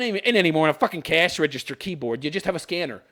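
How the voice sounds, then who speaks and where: A man with a high, lively voice rants through a news commentary. He scoffs, swears freely and laughs at what he reads, with pitch that leaps around as he mocks. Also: very fast. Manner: sarcastic, profane, scoffing laughs. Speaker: podcast host.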